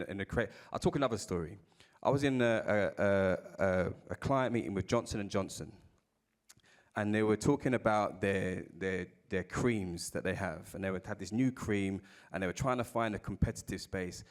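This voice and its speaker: A man with a South London accent talks on a live festival panel, his voice sitting a little low. He tells candid stories about work, loose and conversational, and drops the odd swear word. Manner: candid storytelling with casual swearing. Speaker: panel speaker.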